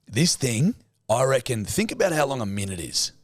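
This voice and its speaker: A man's voice: mid-range voice, very animated, moderate pace, no room sound, studio quality. A man with an Australian accent, co-hosting a podcast and telling a story with lots of swearing. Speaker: podcast co-host. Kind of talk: casual chat.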